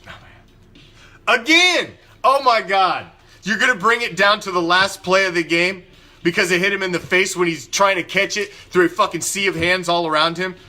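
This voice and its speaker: Casting: fiery male fan-show host, bright forceful voice, angry profane rant, faint music underneath. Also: sits high, steady tone, a little fast. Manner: angry, profane, emphatic ranting with repetition. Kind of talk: ranting live sports commentary.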